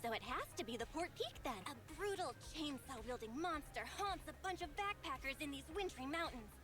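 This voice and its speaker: A bubbly young shopkeeper. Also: female voice, high-pitched, expressive, fairly quick, music in the background. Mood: informative. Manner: chatty, enthusiastic recommendations. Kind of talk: game voice acting.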